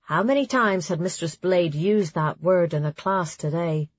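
Husky-voiced woman reading an audiobook. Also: fairly low pitch, unhurried, dry recording. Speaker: audiobook narrator. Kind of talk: scripted audiobook narration. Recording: dry, slightly dull audio.

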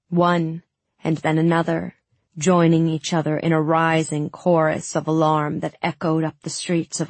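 A woman narrating a fantasy audiobook in the first person, with steady, dramatic storytelling on a close studio mic. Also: low voice, no room sound.

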